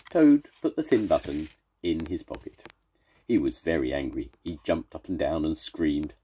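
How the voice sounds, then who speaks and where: An older man, a grandfather, reading a children's storybook aloud, slow and expressive. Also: a bass voice, husky. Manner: slow, expressive read-aloud with warm sign-offs.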